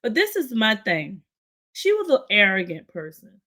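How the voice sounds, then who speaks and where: A woman's voice: medium pitch, wildly swooping pitch, moderate pace, sharp tone. Woman, podcast host, casual commentary, chatty, opinionated, talks to listeners. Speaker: podcast host recapping a story.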